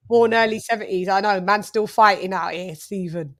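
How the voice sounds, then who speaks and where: A woman's voice: mid-range voice, fairly even intonation, moderate pace, hardly any pauses. Chatty British woman hosting a livestream. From United Kingdom. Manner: chatty, laughing, shouting out viewers. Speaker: boxing livestream host. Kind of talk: casual livestream chat reading viewer comments.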